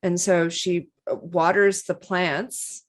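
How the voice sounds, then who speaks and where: A woman's voice: fairly low pitch, steady tone, takes it slowly. A woman playing in a tabletop role-playing game, puzzled and thinking aloud with lots of fillers. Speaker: player.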